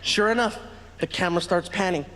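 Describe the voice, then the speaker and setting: A male stand-up comedian telling a story on stage, animated and laughing as he acts out the other people in it. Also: sits high, fairly quick. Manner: animated, laughing, doing voices. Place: large theater stage. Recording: echoey hall.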